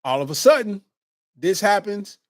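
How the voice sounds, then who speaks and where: A man's voice: high voice, normal speed, dry recording. A man in his forties, a comedian hosting his own podcast, telling stories in a casual monologue full of street slang. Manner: animated storytelling with street slang.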